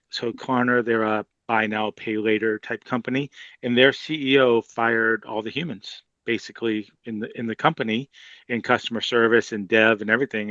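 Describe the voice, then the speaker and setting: A man with a Boston accent, speaking on a webinar panel with an emphatic, lively manner. His voice sits mid-range. He sounds dull and dry, as on a lo-fi video call. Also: medium pitch, no room sound. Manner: animated, emphatic, conversational.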